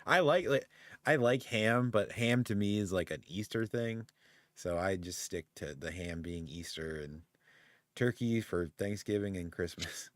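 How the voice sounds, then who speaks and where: Guy with a really low voice just shooting the breeze on a stream, laughs a lot, dry sound. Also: unhurried, no echo. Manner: easygoing, laughs often, rambling with restarts. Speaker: podcast co-host. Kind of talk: casual chat on a live stream.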